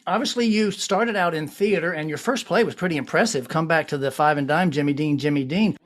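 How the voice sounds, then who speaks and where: A man's voice: on the high side, fairly quick. A man hosting an interview show, asking friendly, folksy questions. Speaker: host.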